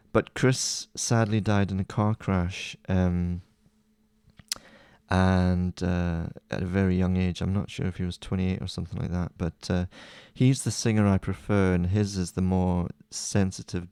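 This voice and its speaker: A man hosting a music playlist video, chatting casually through a track-by-track rundown with relaxed, enthusiastic asides. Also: low voice, a little slow, gravelly, clear, resonant tone, dry recording.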